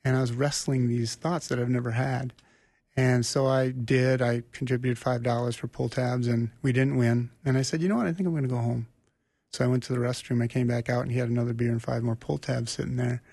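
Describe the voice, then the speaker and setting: A man telling his personal faith story as an interview guest, earnest and animated, often restarting sentences. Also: mid-range voice, fairly quick, vocal fry, no echo. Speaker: guest sharing his testimony. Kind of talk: conversational storytelling.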